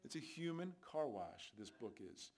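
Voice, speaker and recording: A man with a somewhat high, darkish voice delivers a sermon, recounting stories from his street ministry and hammering points home with rhetorical questions. He speaks emphatically and conversationally, very animated, at a normal pace.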